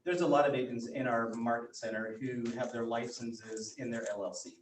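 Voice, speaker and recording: A man's voice: mid-range voice, fairly even intonation, moderate pace. Male agent, audience member, matter-of-fact, faint room noise. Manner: matter-of-fact, cites his accountant. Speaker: real estate agent in the audience. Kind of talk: workshop discussion. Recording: echoey room, mic far off, faint noise.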